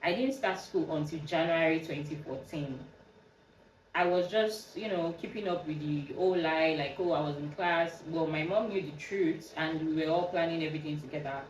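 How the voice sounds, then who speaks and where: A young Nigerian woman hosting a podcast, telling a personal story in a casual, animated way. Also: deep voice, normal speed, roomy sound, recorded from a distance, a little hiss or hum, low-quality recording. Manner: animated, acts out quoted dialogue with a raised voice. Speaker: podcast host.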